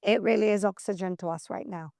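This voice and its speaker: A woman hosting a news commentary show, speaking emphatically and scolding, slowing down to stress her words. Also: medium pitch, gravelly, a little mellow, no room sound, clean studio sound. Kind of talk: opinion commentary.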